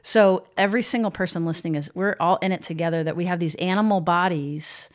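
A woman co-hosting a podcast, explaining ideas in a calm, reflective and self-critical way. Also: on the low side, fast talker. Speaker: podcast co-host. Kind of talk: casual podcast conversation.

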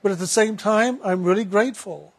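A man's voice: sits high, brisk, no echo. A man voicing his former boss, a demanding business owner who is proud and frustrated, speaking in blunt, exasperated questions.

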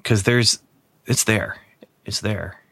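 A man's voice: fairly low pitch, slow pace, vocal fry, fairly bright tone, breathy edge, no room sound. A man hosting a casual podcast chat, enthusiastic and chatty, laughing easily as he talks. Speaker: podcast host.

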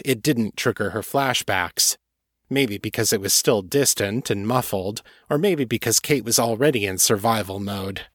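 A man reading an audiobook in a steady, measured narrating voice. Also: on the low side, dry recording, studio quality.

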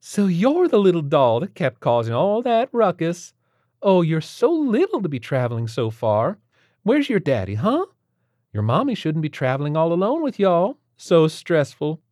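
Male narrator voicing a nosy southern woman, high sing-song drawl, dry audiobook read. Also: huge pitch swings, normal speed, a little mellow, no room sound. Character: chatty older southern woman stranger.

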